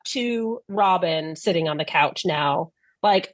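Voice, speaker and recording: A woman's voice: medium pitch, unhurried, dry recording. Sarcastic woman podcast co-host. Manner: blunt, sarcastic. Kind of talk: casual chat recapping a show.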